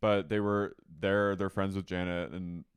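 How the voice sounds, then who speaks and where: A man co-hosting a podcast, recapping a reality show in casual chat and mimicking cast members in high, squealing voices. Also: little pitch movement, measured pace, smooth, dry recording, clean studio sound. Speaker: podcast co-host.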